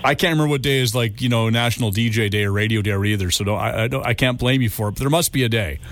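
A man hosting a radio show, chatting casually and jokingly with a guest, with quick rambling restarts. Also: medium pitch, a bit bright, a little hiss or hum.

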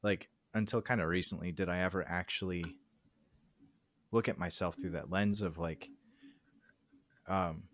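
A man's voice: low voice, steady tone, normal speed, pauses often, sharp tone, slight background noise. A young man talking casually and reflectively about his faith, hesitant and full of fillers.

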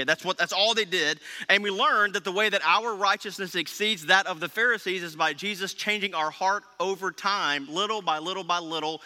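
A male pastor gives a conversational sermon, stopping often to check in with his listeners. His voice sits high and rings very bright. It carries a long reverb from a large hall. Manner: conversational, checks in with "okay?" and "right?".

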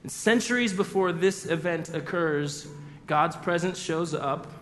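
A man preaching a sermon, animated and telling the story with acted-out voices. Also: on the high side, a little slow, long reverb tail, slight background noise. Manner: animated storyteller acting out quotes. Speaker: pastor.

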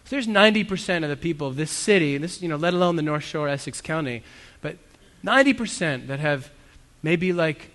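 A man's voice: a little high, expressive, fairly quick, few pauses, a bit bright. A man preaching a sermon as a pastor, earnest and conversational, with self-deprecating asides. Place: church hall. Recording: long reverb of a church hall.

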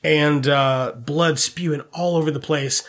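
A man's voice: fairly high pitch, steady tone, a little slow, fairly bright tone. A man and a self-described dad, co-hosting a podcast and rambling through a movie plot with lots of swearing and laughter. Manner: profane, rambling, laughs often. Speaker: podcast co-host. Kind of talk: casual movie review chat.

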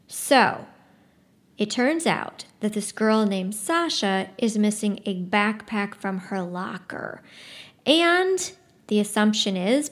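A woman talks up a novel in a casual, chatty way, then slips into reading an excerpt aloud. Her voice sits in a middle pitch, and her delivery is lively. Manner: conversational, lively storyteller's delivery. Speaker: book presenter. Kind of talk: book talk with a read-aloud excerpt.

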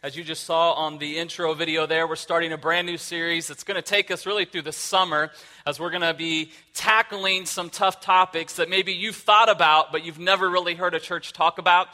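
High, bright-voiced man preaching a sermon. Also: fairly even intonation, brisk. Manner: casual, conversational preaching with fillers. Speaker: lead pastor.

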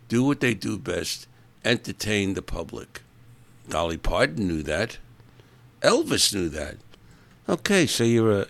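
A man hosting a podcast, talking in a casual, rambling monologue, opinionated and grumbling. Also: sits low. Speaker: podcast host.

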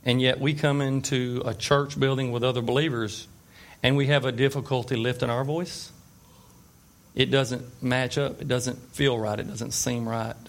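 Male preacher, relaxed storytelling sermon, asks the room questions. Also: medium pitch, moderate pace. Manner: conversational storytelling with fillers and asides; checks in with the listeners. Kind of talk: informal sermon.

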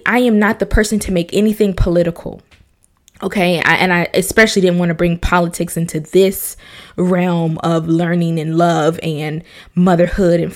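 Young mom talking on her podcast, kinda low voice, earnest and emotional, slips into whispers. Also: creaky. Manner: earnest and emotional, repeats phrases, drops to a whisper at times. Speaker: podcast host, mother. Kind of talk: personal podcast monologue.

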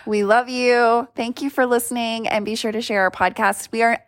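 A woman's voice: on the high side, fairly even intonation, normal speed. A woman in her forties hosting a podcast, chatting casually with a giggly, rambling manner. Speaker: podcast host. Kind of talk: casual chat.

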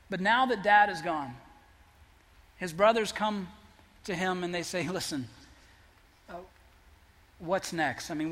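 Earnest high-voiced preacher in a reverberant hall. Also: male voice. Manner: earnest, builds to emphatic peaks then drops soft. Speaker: pastor. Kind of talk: sermon.

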